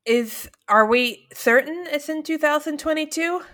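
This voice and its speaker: A woman's voice: high voice, a little slow, fairly bright tone. A woman co-hosting a podcast, chatting casually about a movie in a teasing, playful way.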